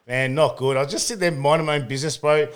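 A man's voice: fairly high pitch, racing, clean tone. A young Australian man telling a story in casual chat, swearing, laughing and saying "bro" after every phrase.

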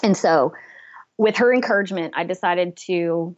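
A woman's voice: fairly low pitch, moderate pace, highs cut off. A woman, a business coach telling a personal story in an interview, earnestly.

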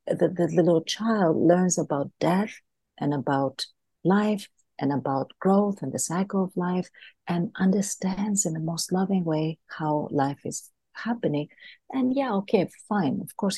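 Gravelly-voiced woman, earnest guest. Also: sits low, mellow, no echo. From Greece. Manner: earnest, repeats words while thinking. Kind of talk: podcast interview, explaining with a story.

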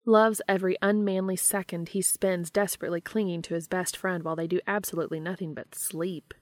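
A woman narrating a romantic fan fiction story in a soft, intimate reading voice, dropping to a hush for dialogue. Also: fairly low pitch, steady tone, brisk, no echo, clean studio sound. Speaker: fanfiction podcast reader.

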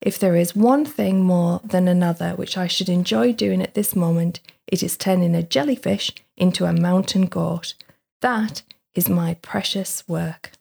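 A woman's voice: lowish voice, a little slow, creaky, darkish tone, exaggerated voice. A woman voicing a kind, cheerful male shepherd who guides and reassures, while reading a book passage aloud. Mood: cheerful reassuring.

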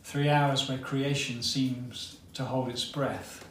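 Slow, dramatic male preacher in echoey hall. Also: mid-range voice, steady tone, a bit bright, slight background noise. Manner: dramatic storytelling with long pauses. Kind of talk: sermon. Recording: roomy hall, mic at a distance, faint ambience.

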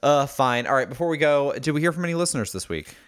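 A man's voice: fairly high pitch, animated, fast talker, clean tone. A man co-hosting a podcast, chatting casually with a wry, teasing, crude sense of humor. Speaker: podcast co-host. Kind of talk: casual chat.

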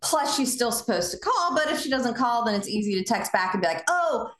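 Animated Southern woman hosting. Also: a little high, a little fast, reverberant. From Southern United States. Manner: animated, acts out sample dialogue in lively voices. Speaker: podcast host. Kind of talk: casual conversational coaching.

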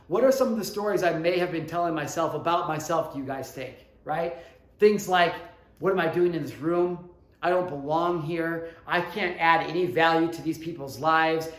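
A man in his thirties telling a personal story to his viewers, earnest and emotional, dropping to a hush and then rising with fervor. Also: high-pitched, echoey room. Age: 30s. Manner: earnest, swings from hushed to fervent, addresses viewers directly. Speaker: motivational vlogger.

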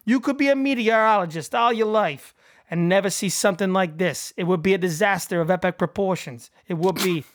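A man voicing an excited male meteorologist with an attempted Massachusetts accent, reading a movie quote and building to a yell. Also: sits high, a little fast, lightly acted. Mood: worked up. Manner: loud, building excitement, yelling. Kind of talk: quoting a movie in a put-on accent.

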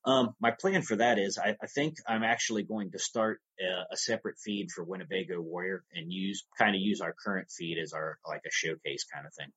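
A man's voice: deep voice, fairly quick, few pauses, a bit bright, husky, dull audio. A man talking as a podcast guest about his audio drama work, in an easygoing, rambling storytelling manner. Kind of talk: casual interview talk.

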